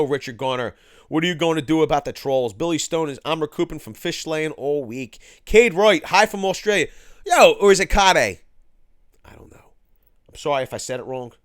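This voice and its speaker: A man's voice: medium pitch, smooth, no echo, studio quality. A man from Philadelphia hosting a livestream, reading out viewer chat in a casual, slangy way. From Philadelphia, USA. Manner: laid-back, slangy, says "cuz" and "yo". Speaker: host reading live chat.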